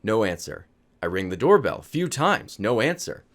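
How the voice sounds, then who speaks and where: A man's voice: on the low side, very animated, normal speed. A man telling a funny personal story in a casual vlog, laughing as he goes. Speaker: vlogger.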